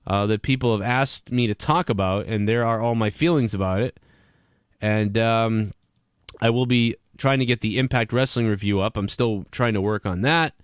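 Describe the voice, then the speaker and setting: A man's voice: mid-range voice, smooth, dry recording, studio quality. A man giving heated, profane commentary on wrestling news in a vlog-style rant.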